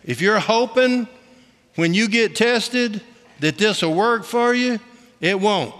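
A man's voice: sits high, takes it slowly, fairly bright tone. A middle-aged man giving a folksy, humorous testimony sermon, speaking colloquially with lots of "ain't" and "you know". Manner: colloquial Southern-style grammar, "ain't". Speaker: preacher. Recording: long hall reverb.

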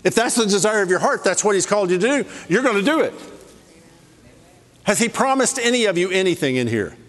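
A man preaching a sermon in a lively, playful way, rattling off scripture references. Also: high-pitched, fairly quick. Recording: long hall reverb.

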